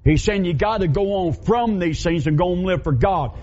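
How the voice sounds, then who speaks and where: A man's voice: high-pitched, normal speed, dark tone. A man preaching a sermon as pastor, telling folksy stories and acting out the voices of the people in them. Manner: folksy storytelling, acts out quoted voices. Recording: dull lo-fi sound.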